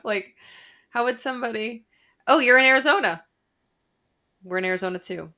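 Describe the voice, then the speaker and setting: A woman's voice: on the high side, normal speed, pushed and bright. A woman doctor hosting a casual live Q&A. She chats freely, reads viewer comments aloud and swears a little. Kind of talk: casual livestream chat. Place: Arizona.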